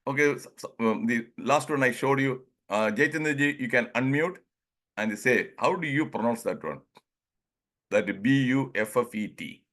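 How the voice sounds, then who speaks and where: A man's voice: medium pitch, animated, fairly bright tone. Chuckling Indian English man on a call. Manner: chuckles often, acts out dialogues, drawls words slowly. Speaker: presenter leading an online group session. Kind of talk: informal talk on English pronunciation.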